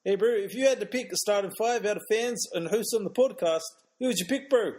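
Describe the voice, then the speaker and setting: A man's voice: high-pitched, fairly quick, a little mellow, pitched above the performer's own voice, close to an everyday voice. A man putting on a Kiwi bro voice. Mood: jokey. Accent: New Zealand. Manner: casual, calls everyone bro. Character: male fan reading his question, cheery.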